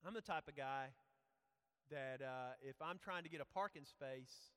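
A man's voice: mid-range voice, slow pace, fairly bright tone, clean tone. A man preaching a sermon, earnest and conversational, telling personal stories. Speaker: pastor. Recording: echoey hall reverb.

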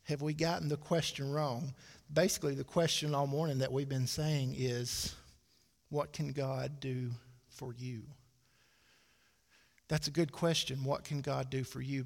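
Male pastor, 30s, gravelly, folksy sermon delivery, church hall reverb. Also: fairly high pitch. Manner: folksy, conversational preaching with dry asides. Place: church sanctuary.

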